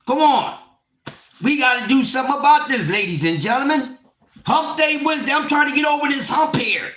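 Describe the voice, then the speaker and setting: Brief: male stream host, high, lively pitch, preachy rant. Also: fairly quick. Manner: loud, preachy, swings between shouting and mock-laughing. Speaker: livestream host. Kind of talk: animated livestream rant. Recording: echoey room.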